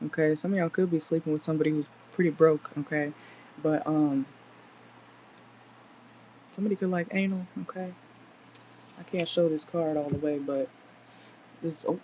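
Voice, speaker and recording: A woman's voice: low voice, dark tone, slight background noise, rough recording. A woman doing a casual tarot reading in a car, chatty and blunt, swearing freely as she talks to viewers. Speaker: tarot reader.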